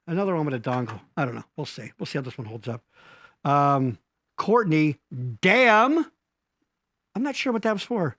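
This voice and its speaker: Man, high voice, bouncy swinging pitch, crude rambling banter, dry close basement-studio sound. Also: expressive, moderate pace, a bit bright, no room sound. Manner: rambling, mock-pleading bits, crude jokes. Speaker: co-host of a live stream.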